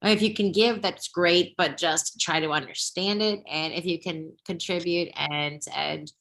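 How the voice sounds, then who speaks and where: An actress chatting as a guest in a casual interview, lively, playful and theatrical. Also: female voice, fairly low pitch, unhurried, creaky.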